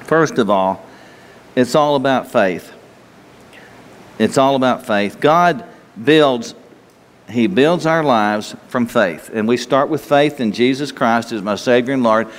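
A man preaching a conversational sermon, slightly hoarse with an itchy throat, asking his listeners questions in a folksy way. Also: medium pitch, measured pace. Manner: folksy, asks the listeners questions, laughs easily. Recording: long hall reverb.

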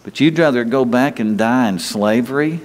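A man preaching a sermon in a lively, conversational way, restarting phrases and talking straight to the congregation. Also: mid-range voice, moderate pace. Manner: animated, conversational preaching with frequent restarts and asides. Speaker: pastor. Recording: long reverb of a large hall.

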